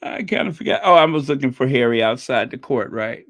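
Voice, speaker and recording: A woman from a Caribbean island hosting a casual livestream, chatty and excitable as she thanks her viewers. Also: rumbling low, fairly quick. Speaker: livestream host.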